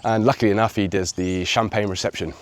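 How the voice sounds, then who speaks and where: An English man in his thirties telling a personal story on his video channel, reflective and lively when he acts out what others said. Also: fairly low pitch, fast, a little hiss or hum. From England. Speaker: vlogger.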